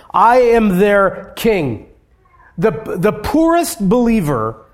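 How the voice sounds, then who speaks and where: A male pastor with a voice that sits high for a man preaches an expository sermon at an unhurried, deliberate cadence. His delivery is measured, rising on emphatic points and letting phrases fall away softly at their ends.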